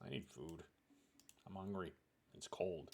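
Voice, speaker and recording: With a low voice and a measured pace, a gaming streamer riffs through casual commentary on his play. He's animated and rambling, and he swears at times.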